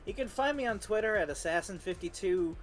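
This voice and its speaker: A man's voice: sits high, animated, a little fast, faint music behind. A man co-hosting a casual gaming podcast, making dry jokes. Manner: joking, dry quips. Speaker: podcast co-host.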